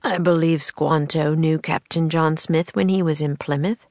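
A stern colonial captain, low and cold, asking clipped, suspicious questions, as a woman reads him. Recorded dry and close. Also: steady tone, normal speed, a little mellow, dry recording.

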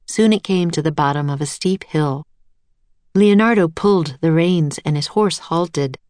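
A woman reads a children's chapter book aloud with steady, clear narration. Her voice sits a bit low for a woman, and the recording is dry and close with no room echo. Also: measured pace. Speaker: storybook narrator.

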